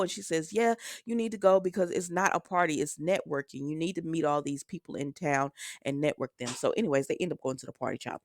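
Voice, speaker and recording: A woman's voice: on the low side, no room sound, clean studio sound. A woman casually recapping a soap opera episode, chatting straight to her viewers and acting out the characters' lines in a loose, conversational way.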